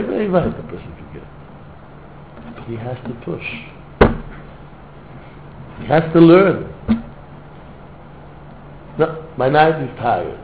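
Male rabbi, sermon, fervent, echoey room, faint background noise. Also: medium pitch. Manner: fervent, sprinkled with Yiddish and Hebrew words, non-native phrasing. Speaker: rabbi giving a Torah talk. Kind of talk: heartfelt Torah sermon with storytelling. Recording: echoey room heard over a tinny phone-like line.

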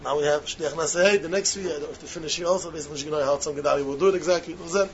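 A man with giving a sermon-style talk to yeshiva students, emphatic and repetitive, swinging between loud stresses and hushed asides, on a muffled lo-fi recording. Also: a little high, rapid-fire. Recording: muffled lo-fi recording with faint hiss.

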